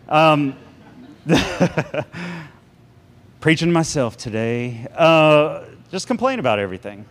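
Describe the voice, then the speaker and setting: A man preaching a sermon to a congregation, animated and sarcastic, with big swings in pitch. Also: slow pace, pauses often. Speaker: pastor.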